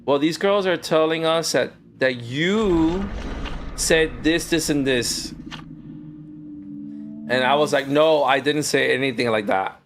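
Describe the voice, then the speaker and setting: A man's voice: a little high, slow pace, a little hiss or hum. A man who streams games and used to teach, casually telling stories from his classroom and acting out the voices of the people in them. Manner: animated, acts out quoted voices. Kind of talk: casual storytelling while gaming.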